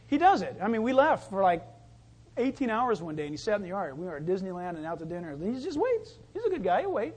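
A man's voice: high voice, big pitch swings, fast, darkish tone, breathy edge. A man preaching a sermon, telling stories in a loose, chatty way and acting out the voices in them. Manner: conversational storytelling with acted-out voices. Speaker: pastor.

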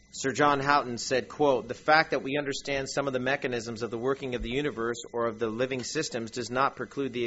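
Husky animated male preacher. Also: mid-range voice. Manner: animated, with asides and quick acted quotes. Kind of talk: sermon lecture. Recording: dull lo-fi recording.

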